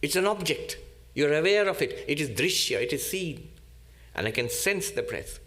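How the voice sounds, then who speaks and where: Deliberate teacherly monk, fairly high voice. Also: male voice, sing-song, a bit bright. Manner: deliberate, teacherly, repeats key terms. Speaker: monk giving a spiritual talk. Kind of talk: spiritual lecture.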